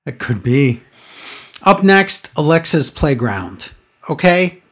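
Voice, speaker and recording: A woman's voice: deep voice, big pitch swings, takes it slowly. A woman co-hosting a casual podcast, recapping a wrestling broadcast in an exasperated, sarcastic way. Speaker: podcast co-host.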